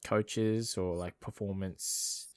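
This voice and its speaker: A man's voice: fairly low pitch, fairly even intonation, slow, a little mellow, clear, resonant tone, no echo. A man with an Australian accent co-hosting a podcast, recapping a movie in a rambling way with lots of fillers. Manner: rambling with fillers, uses "bloody" a lot. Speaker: podcast co-host. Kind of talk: casual movie recap chat.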